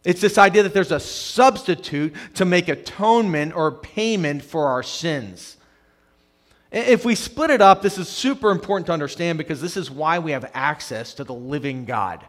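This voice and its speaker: At a moderate pace and with lively intonation, a male pastor with a higher voice preaches conversationally. He alternates loud, emphatic sections with hushed ones, often repeating words to start a phrase.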